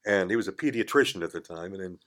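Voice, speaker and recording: Older man spinning a lively studio yarn. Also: low-pitched, fast talker. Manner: animated, acts out quoted voices, chuckles mid-story. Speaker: podcast guest. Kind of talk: casual storytelling. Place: radio studio.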